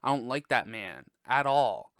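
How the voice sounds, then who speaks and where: A man hosting a podcast and reviewing a movie in casual chat, blunt, profane and gossipy, with sudden high exclamations. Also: very animated, a little slow, fairly bright tone, dry recording, clean studio sound. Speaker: podcast host.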